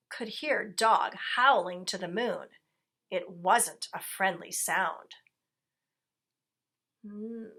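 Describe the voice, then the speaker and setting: A woman reading a picture book aloud to children, gently pausing to ask her listeners questions. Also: mid-range voice.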